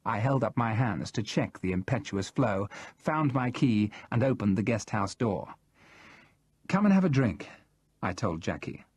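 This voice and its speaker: A man narrating a first-person thriller audiobook in a steady, measured way, read close to the mic. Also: fairly low pitch, husky, dry recording.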